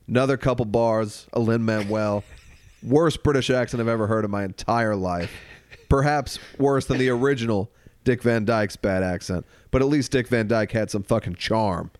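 Laughing, jokey man with a smooth voice. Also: lowish voice, normal speed, darkish tone, no room sound, clean studio sound. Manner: loose, jokey, breaks into mock singing and laughter. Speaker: podcast co-host. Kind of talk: casual comedic movie chat.

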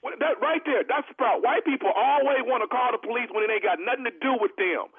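A man's voice: very high-pitched, fast, husky, dry recording. A man making a prank phone call, pushy and streetwise, talking slang. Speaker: prank caller. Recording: phone line.

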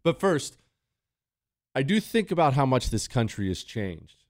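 Man, talk radio host, forceful, sarcastic, dry close sound. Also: medium pitch, very animated, unhurried, no echo. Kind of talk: opinionated radio monologue.

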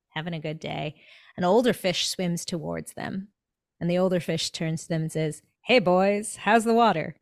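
Animated woman guest, dry close mic. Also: on the low side, dry recording. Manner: animated storytelling, acts out quotes. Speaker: podcast guest, dentist and coach. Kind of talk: conversational podcast interview.

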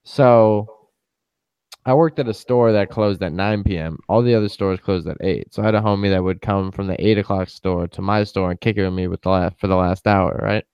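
A young man chatting casually on a podcast, with a very smooth, clear voice recorded close and dry. He tells stories loosely and jumps up in pitch whenever he acts out what someone said. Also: brisk, darkish tone, no room sound. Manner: loose storyteller who acts out quoted lines in a raised voice. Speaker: podcast co-host. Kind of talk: casual chat.

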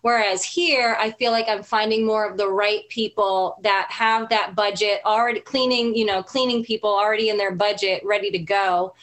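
Woman, mid-pitched, thoughtful podcast guest. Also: steady tone, moderate pace, hardly any pauses, fairly bright tone. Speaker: podcast guest, cleaning business owner. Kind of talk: casual podcast chat.

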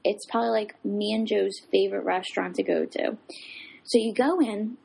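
This is a woman in a relaxed, casual chat, telling a story in a loose, rambling way. She leans on fillers and asides as she goes. Her voice has a gravelly, slightly husky texture. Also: medium pitch, normal speed.

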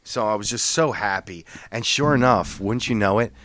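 A man's voice: normal speed, no echo. Profane man telling a road story. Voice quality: gets loud and high when quoting other drivers.

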